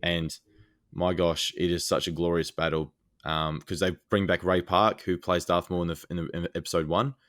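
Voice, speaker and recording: A man's voice: low-pitched, moderate pace, no room sound, clean studio sound. A man co-hosting a podcast, eagerly retelling scenes in casual chat with lots of fillers. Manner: excited, rambling scene retelling with many fillers. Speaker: podcast co-host.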